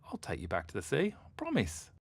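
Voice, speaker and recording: A man's voice: on the low side, a little fast, creaky, slightly rough, heavily acted. A man voicing an eager, kind-hearted young boy in a storybook reading. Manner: bright, shouty and excitable.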